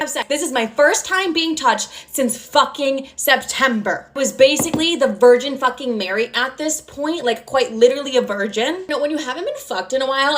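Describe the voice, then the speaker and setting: A young woman in her twenties, a storytime creator, tells a casual vlog story in a fairly high, fairly bright voice. She's brash and profane, and her chatty talk is packed with "like".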